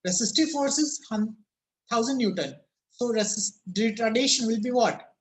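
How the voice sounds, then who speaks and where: A man's voice: very high-pitched, normal speed. A man teaching a physics class over a video call, his voice cracking, repeatedly asking students "yes or no?" and telling them to think about it.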